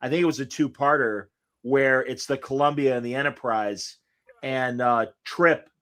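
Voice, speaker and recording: A man co-hosting a casual chat, halting with many fillers and restarts. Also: medium pitch, fairly even intonation, a bit bright. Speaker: podcast co-host.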